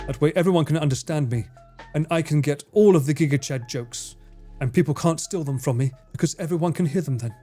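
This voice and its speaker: A soft-spoken man with an Essex accent who mumbles a little, chatting casually on a livestream. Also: on the high side, a little fast, soft background music. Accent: Essex English. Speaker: streamer.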